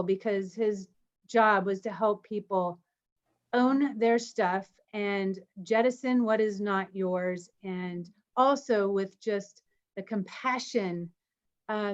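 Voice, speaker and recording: A woman co-hosting an online meeting, telling a personal story in an animated way and laughing as she goes. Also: mid-range voice. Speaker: co-host of an online community meeting. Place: home, on a video call. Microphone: video call. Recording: slightly dull video call audio.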